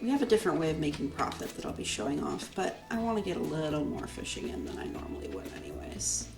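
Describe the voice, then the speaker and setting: Over game music, a woman with a deep voice hosts a let's play at a quick pace, her pitch swinging widely. She keeps the commentary casual, chatting and explaining as she plays.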